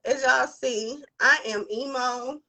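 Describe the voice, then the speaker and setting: A woman's voice: high-pitched, steady tone, takes it slowly, sharp tone. A young woman, a business coach, giving an emotional motivational talk to camera, repeating lines for emphasis. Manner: heartfelt, repeats lines for emphasis, tearful at times.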